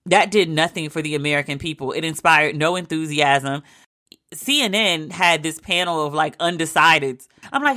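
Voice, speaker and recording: A woman hosting a casual commentary podcast, ranting in an animated, sarcastic way with plenty of profanity. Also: deep voice, normal speed. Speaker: podcast host.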